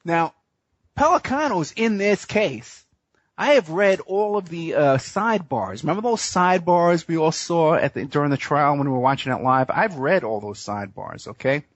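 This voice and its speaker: A man's voice: fairly high pitch, animated, normal speed, dry recording. Rambling male radio host. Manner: rambling storyteller, frequent fillers. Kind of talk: casual radio talk. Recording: muffled dry radio audio.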